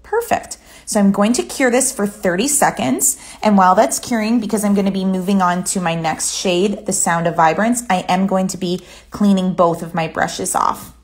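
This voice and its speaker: A woman giving a relaxed, chatty step-by-step nail art tutorial. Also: medium pitch, normal speed, hardly any pauses. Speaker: nail artist.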